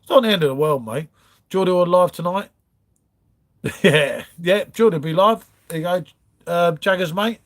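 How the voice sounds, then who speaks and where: A man chats loosely through a livestream from his front room, greeting viewers and wandering from topic to topic. His voice sits a touch high for a man, and he leans on "mate" and "innit" all the way through. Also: normal speed, long pauses. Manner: chatty, rambling, calls viewers mate. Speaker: livestream host. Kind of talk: casual live chat reading comments.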